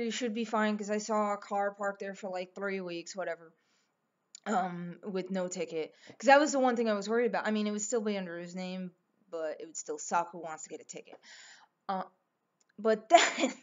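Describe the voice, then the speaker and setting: A woman's voice: medium pitch, moderate pace. Rambling, swearing young woman vlogger. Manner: rambling and emphatic, swears often, acts out voices in quotes. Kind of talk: casual storytelling. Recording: slightly dull lo-fi recording.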